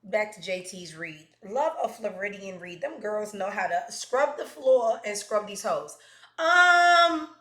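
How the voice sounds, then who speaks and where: A woman hosts a casual livestream in a loose, rambling way, full of asides and swearing. Her voice sits at a middle pitch and rings with room echo. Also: expressive, unhurried, few pauses, darkish tone. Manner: chatty, profane, rambling asides. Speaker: host.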